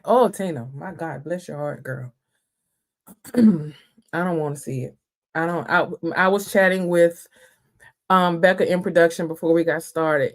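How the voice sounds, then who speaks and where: Chatty woman livestream host. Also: fairly low pitch. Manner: chatty, folksy, laughs easily, calls viewers girl and honey. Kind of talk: casual live chat greeting viewers.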